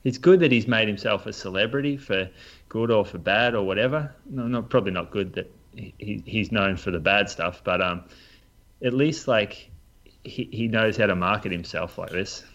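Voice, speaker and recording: A man's voice: fairly low pitch, moderate pace, a bit bright, lo-fi sound. A man, a podcast co-host and running coach, giving opinions in casual chat.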